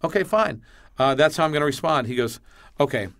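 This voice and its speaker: A male comedian guesting on a podcast, telling a story with blunt, animated delivery, acting out both sides of the dialogue and swearing freely. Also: fairly high pitch, brisk.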